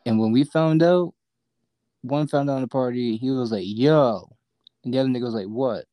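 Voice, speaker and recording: Young guy guest on a podcast, swears a lot, warm low-key tone, dry close sound. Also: normal speed, no room sound, rough recording. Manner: slangy, profane storytelling. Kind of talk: casual chat.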